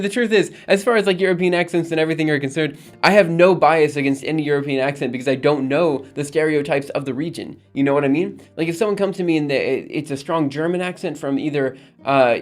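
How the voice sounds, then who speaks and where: A man's voice: on the high side, darkish tone. A man streaming live, rambling casually as he answers his chat.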